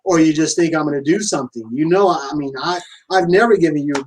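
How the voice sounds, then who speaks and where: A man co-hosting a podcast who tells his side of the story in a measured, fact-focused way and sometimes teases with playful interruptions. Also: fairly high pitch, darkish tone, breathy edge, distant mic, rough recording. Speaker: podcast co-host. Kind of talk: casual conversation.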